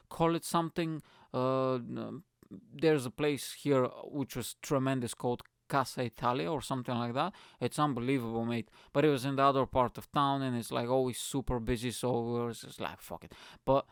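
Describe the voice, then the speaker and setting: A man from Bulgaria, hosting his show in an animated, profane comic rant full of filler phrases. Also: mid-range voice, normal speed, clear, resonant tone, no echo, clean studio sound. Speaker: podcast host. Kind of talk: comic ranting monologue.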